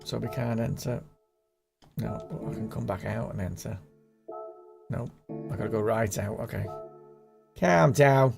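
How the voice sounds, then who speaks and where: A man's voice: fairly low pitch, a little slow, creaky, pauses often, over music. A man hosting a casual live gaming stream, chatting and rambling with his viewers in a bantering way. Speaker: gaming livestream host.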